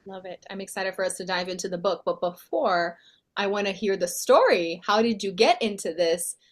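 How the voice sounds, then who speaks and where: A woman's voice: medium pitch, moderate pace. A woman hosting a podcast, enthusiastic and affirming as she welcomes and interviews her guest. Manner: upbeat and enthusiastic, with frequent affirmations. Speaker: podcast host.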